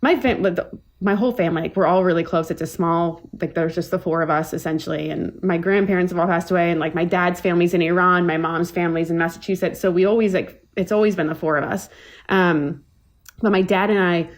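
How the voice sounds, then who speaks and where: A woman's voice: on the low side, steady tone, fast. A woman guest chef on a podcast in casual chat, telling stories with lots of fillers and restarts. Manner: rambling storyteller, many fillers and restarts.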